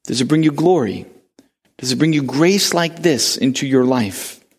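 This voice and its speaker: A male pastor preaching a sermon, telling a story with pauses and restarts, then rising to urgent questions for the congregation. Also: medium pitch, expressive, slightly rough. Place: church.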